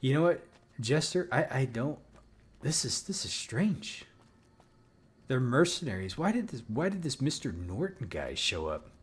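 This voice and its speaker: Husky-voiced man playing a game. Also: mid-range voice, unhurried. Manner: rambling, swears, excited outbursts. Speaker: let's play host. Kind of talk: casual gameplay commentary.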